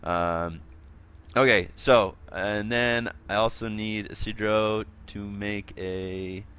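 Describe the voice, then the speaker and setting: A man's voice: lowish voice, fairly even intonation, takes it slowly, fairly bright tone, clear, resonant tone. A man running a tabletop game as game master, casual, thinking aloud and laughing often.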